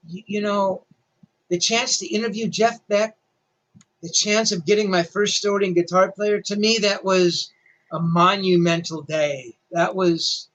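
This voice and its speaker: A man's voice: sits high, a bit bright, low-quality recording. An older male rock journalist telling a story animatedly, with self-deprecating humor. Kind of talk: storytelling interview.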